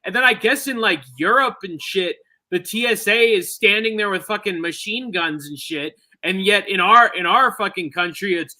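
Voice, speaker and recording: Bright, high-voiced man ranting. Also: normal speed, hardly any pauses. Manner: profane, rambling storyteller. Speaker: podcast co-host. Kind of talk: casual chat.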